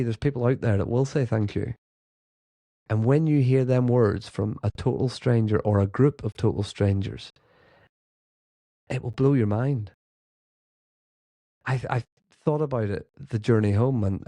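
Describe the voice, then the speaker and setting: A man's voice: lowish voice, no echo. A man, a grassroots football coach, telling a heartfelt story in a casual, earnest monologue. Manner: earnest, animated when quoting others.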